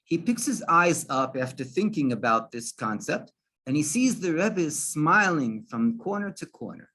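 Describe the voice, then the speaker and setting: A man, a rabbi, telling a story in a halting way, with many restarts and fillers. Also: a little high, big pitch swings, bright, forceful tone. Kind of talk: storytelling talk.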